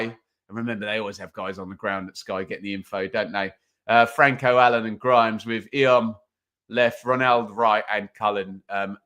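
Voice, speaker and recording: A man's voice: fairly low pitch, bright, forceful tone. A man hosting a live football watch-along stream, chatting casually, reading out viewer comments and calling the match loosely. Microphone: desk microphone.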